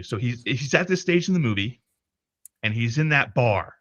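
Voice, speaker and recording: A man's voice: medium pitch, moderate pace, no room sound, highs cut off. A man telling a story in a casual livestream chat, cursing freely and restarting his sentences as he goes. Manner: profane, animated retelling with many restarts. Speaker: podcast co-host.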